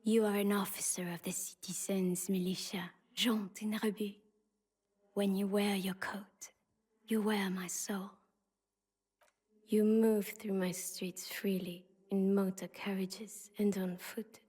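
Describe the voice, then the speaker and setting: A woman voicing the spirit of a city in a whispered role-play, speaking slowly in a breathy, intimate hush. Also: medium pitch, level tone. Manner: slow, hushed and intimate. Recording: long hall reverb.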